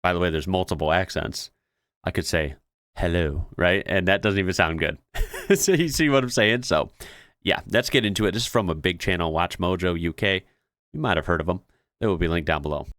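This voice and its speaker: Reaction host: low-pitched American guy, easygoing and chatty, dry close sound. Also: brisk, fairly bright tone, no room sound. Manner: chatty, laughs often, many fillers. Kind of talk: casual reaction commentary.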